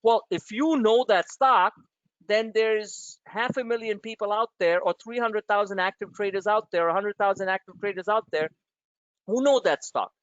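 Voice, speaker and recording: A man's voice: sits high, moderate pace, a bit bright, dry recording, highs cut off. A man hosting a trading webinar, blunt and emphatic, firing off rhetorical questions at his listeners.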